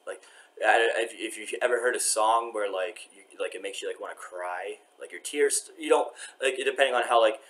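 A man's voice: on the low side, moderate pace, fairly bright tone. A man talking to his camera while waiting in a courthouse, rambling with many restarts and often trailing off to a mutter. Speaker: vlogger. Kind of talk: rambling vlog monologue.

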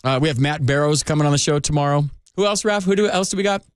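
A man hosting a sports radio call-in show, talking loosely and chattily with quick restarts, on a studio microphone. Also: fairly high pitch, smooth, dry recording. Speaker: radio sports talk host. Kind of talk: casual radio chat.

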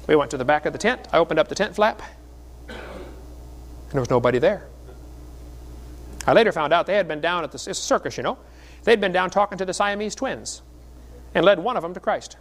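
A man's voice: fairly high pitch, lively intonation, fast, long pauses, fairly bright tone. Folksy middle-aged man preaching. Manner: folksy storytelling with jokes. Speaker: creationist speaker. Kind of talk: sermon.

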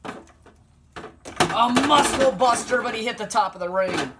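A man giving play-by-play commentary on a wrestling video game, bursting into shouted excitement and then dropping to low mutters. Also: slow, very noisy.

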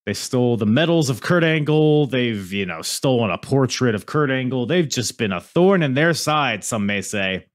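A man's voice: mid-range voice, animated, normal speed, hardly any pauses. A man co-hosting a wrestling podcast, recapping matches in casual chat and laughing often. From Asian heritage. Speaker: podcast co-host.

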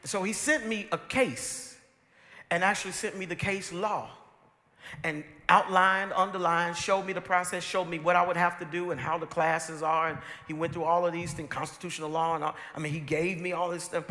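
Bright-voiced, high-pitched middle-aged male pastor. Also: fairly even intonation, normal speed, in a large hall. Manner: preaching with repetition, swinging between hushed and loud. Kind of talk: sermon.

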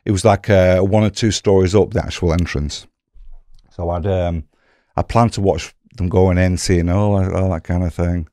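A middle-aged Englishman with a low, deep voice spins a casual story, animated and acting out each exchange in different voices. The sound is close and dry, with no room in it. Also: normal speed, no room sound. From England. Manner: animated, acts out dialogue in quoted voices. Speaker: podcast guest telling his story.

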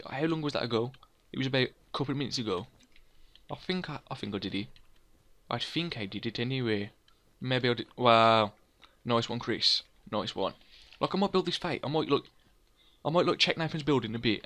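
A young man talks through his building in a loose, chatty way. He rambles, corrects himself and pokes fun at himself in a voice of ordinary pitch. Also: fairly bright tone. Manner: rambling, self-mocking, chatty, laughs at own jokes. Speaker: let's play host. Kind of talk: casual gameplay commentary.

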